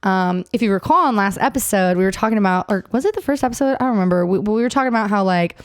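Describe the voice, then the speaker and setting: Young woman rattling off stories quick, swears a lot, dry close mic. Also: mid-range voice, smooth, no room sound. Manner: fast, swearing, excitable. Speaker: podcast co-host. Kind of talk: casual chat.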